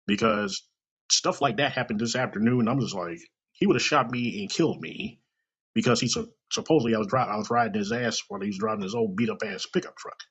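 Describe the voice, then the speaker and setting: A man from Kansas City, chatting casually on a podcast and telling a story with lively quoted voices and a husky, gravelly tone. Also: mid-range voice, brisk. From Kansas City, United States. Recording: dull lo-fi recording.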